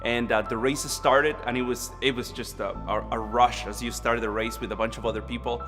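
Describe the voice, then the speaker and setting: A man from Costa Rica, earnestly telling his own story at a church service with frequent restarts. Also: medium pitch. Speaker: church member sharing a testimony. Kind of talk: personal testimony at a church service. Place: church auditorium. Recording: long hall reverb with music under.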